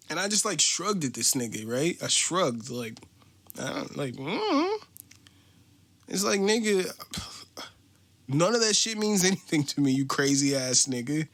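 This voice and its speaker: A man's voice: a little high, normal speed. Profane ranting American man. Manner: animated, profane, mocking. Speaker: podcast host. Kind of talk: casual ranting monologue.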